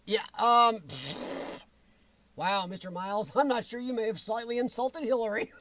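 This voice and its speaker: Blunt, high-voiced man ranting. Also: measured pace, bright, forceful tone. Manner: blunt, ranting, reacts to viewer comments. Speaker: show host reading chat. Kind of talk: opinionated livestream talk.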